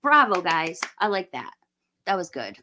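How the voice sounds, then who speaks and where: A woman in her forties hosts a casual live stream with a bright, forceful voice. She talks bluntly and with strong opinions, often ranting with a laugh in it. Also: on the low side, very animated, unhurried, slight background noise. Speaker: livestream host. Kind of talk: casual live movie review chat.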